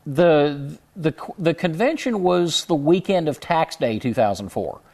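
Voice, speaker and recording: Male guest with a slight Southern twang, gravelly and a little high; measured, halting delivery with dry humor. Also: animated, darkish tone. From Houston, Texas. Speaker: interview guest, computer consultant. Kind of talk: casual interview chat.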